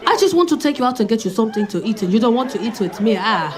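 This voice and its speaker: A man's voice: high-pitched, sing-song, very fast, background noise. A woman comedian voicing a blunt, earnest man with an African accent who pleads and compliments, over a laughing crowd. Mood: pleading. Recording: stage mic with laughing crowd.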